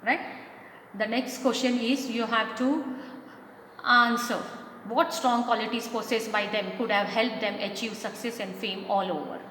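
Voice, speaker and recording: A woman teaches a class, going through the lesson point by point and checking in with "right?" as she goes. Her voice sits a little high. She is recorded in a hall-like room with a long echo and faint ambience behind her. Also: steady tone, unhurried, a bit bright, a little hiss or hum. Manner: explains step by step, often checking with "right?". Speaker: school English teacher. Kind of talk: classroom lesson explaining a textbook.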